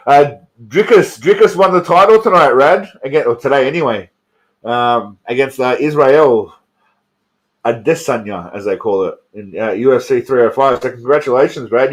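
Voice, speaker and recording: A man's voice: medium pitch, normal speed. Tipsy male stream host, rambling and profane, repeats his words. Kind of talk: casual live stream chat.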